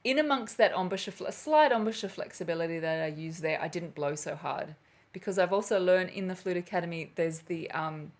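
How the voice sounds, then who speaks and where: A woman teaching flute in a live stream, talking in a loose, chatty way. Her voice sits a little low for a woman, and she laughs at her own slips as she works through viewers' questions. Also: a little fast, background noise. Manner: chatty, laughs at herself, loses her train of thought. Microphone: camera mic on a live stream.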